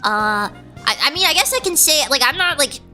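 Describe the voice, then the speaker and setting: A woman's voice: sits high, fairly quick, faint music behind. A woman streamer chatting casually and rambling, cutting herself off mid-sentence and reading chat messages aloud. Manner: animated, rambling, self-interrupting, reads chat aloud.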